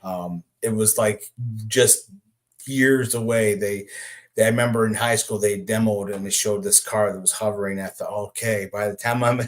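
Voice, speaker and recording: A comic creator in his forties appears as a guest on a podcast for a casual interview chat. His lowish voice keeps fairly even intonation at normal speed, and he's easygoing, laughing often and using hesitant fillers.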